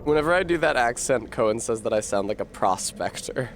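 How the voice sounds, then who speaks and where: A man's voice: medium pitch, lively intonation, brisk, slight background noise. A man streaming a video game, with casual commentary full of profane, sarcastic outbursts.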